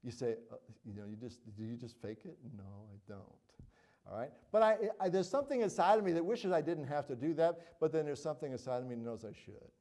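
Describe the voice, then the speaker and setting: Earnest middle-aged preacher, mellow voice. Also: male voice, a little high, very animated, fast talker. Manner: earnest, conversational, frequent "all right?" and "you know". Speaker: pastor. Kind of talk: sermon.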